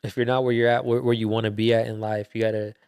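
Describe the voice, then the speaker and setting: A man's voice: fairly low pitch, flat delivery, fast, a little mellow, smooth, dry recording, studio quality. A young man hosting a podcast, casually retelling a Bible story in loose slang with laughs and fillers. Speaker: podcast host.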